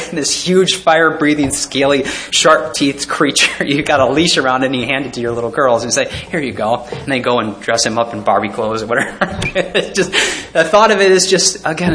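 There's a slight hiss or hum behind this man's sharp, mid-range voice. A pastor, he preaches and reads scripture aloud, chuckling often at the scenes he pictures and stumbling through fillers and restarts.

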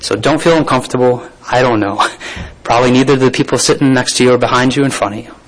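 Male preacher, mid pitch, reads scripture and adds informal comments to the congregation. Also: fast talker, low-quality recording. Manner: reads scripture then comments with asides and soft laughs. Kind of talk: sermon.

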